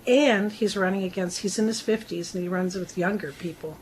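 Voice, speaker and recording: A woman's voice: mid-range voice, a little fast, poor audio. Chatty woman co-hosting a radio show. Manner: chatty, reads listener emails. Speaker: radio co-host. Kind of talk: talk radio chat.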